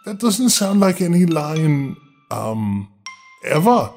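A man telling a fairy tale with a high, lively voice that rises and falls a great deal. He breaks in with playful, wry asides, and soft music runs under his reading. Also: takes it slowly. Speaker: storyteller host.

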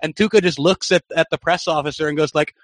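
Young man, animated storyteller, higher voice. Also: fast talker, no room sound. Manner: animated, excited anecdote-telling. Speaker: soccer journalist and broadcaster, podcast guest. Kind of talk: storytelling in a podcast interview.

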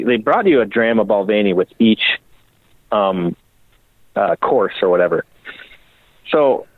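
A man's voice: mid-range voice, no room sound, phone-quality sound. A man, a bike builder, telling a long story in a casual podcast interview, rambling and swearing as he acts out what people said. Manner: profane, rambling, animated storyteller who acts out quotes.

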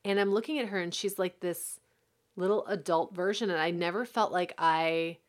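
A woman co-hosting a podcast, chatting casually and telling animated stories about her children. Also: lowish voice, moderate pace. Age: adult, mother of several children. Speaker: podcast co-host. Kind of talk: casual chat.

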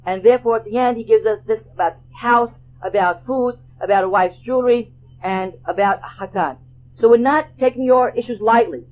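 Woman teacher, high voice, classroom lecture, rhetorical questions, muffled lo-fi class tape. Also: moderate pace. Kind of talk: classroom lecture on Jewish texts. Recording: dull lo-fi 2001 class recording.

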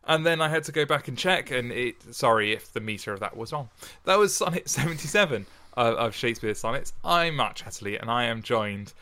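A man's voice: mid-range voice, animated, fairly quick, hardly any pauses, pushed and bright. A man co-hosting a podcast, reading a sonnet aloud and then chatting in a giggly, self-deprecating way. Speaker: podcast co-host. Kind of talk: casual chat and poetry reading. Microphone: headphones and studio microphone.

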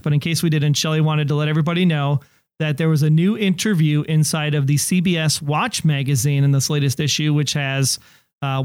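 A man's voice: on the high side, smooth, no room sound, studio quality. A man co-hosting a podcast in casual chat. He is talkative and laughs easily. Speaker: podcast co-host.

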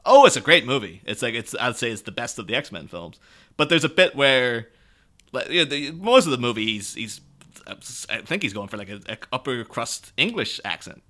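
An Irish man in casual podcast conversation about films, animated and quick to laugh. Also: mid-range voice. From Ireland. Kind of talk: casual film discussion.

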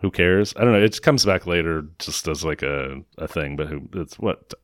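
A man's voice: extremely low pitch, moderate pace, no echo, studio quality. A man recapping a film in casual chat, sarcastic and mocking, often slipping into put-on voices to quote lines. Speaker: podcast host recapping a film.

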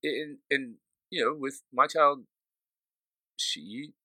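A man co-hosting a podcast, easygoing and animated, who laughs often while he talks. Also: medium pitch, takes it slowly, dry recording. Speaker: podcast co-host. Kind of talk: casual chat.

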